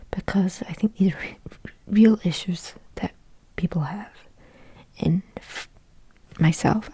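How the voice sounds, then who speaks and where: A young woman whispering a soft, musing ASMR ramble into a close microphone, thinking aloud with lots of fillers. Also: on the low side, husky, no echo. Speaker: ASMR creator.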